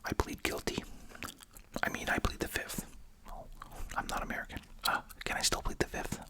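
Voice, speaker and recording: At a moderate pace, the ASMR host chews gum and whispers wry, chatty remarks, sprinkling in asides and rhetorical questions.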